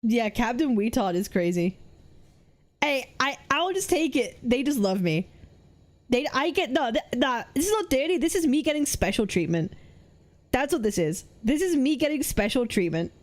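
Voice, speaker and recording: Lively British woman streamer. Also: a little high. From Britain. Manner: rambling, self-deprecating, quick, repeats herself. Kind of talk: casual live-stream chat.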